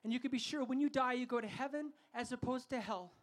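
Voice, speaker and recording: High-voiced fervent male preacher. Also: quick pace. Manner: fervent, call-and-response with crowd, rising to shouts. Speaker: evangelist preaching at a festival. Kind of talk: sermon.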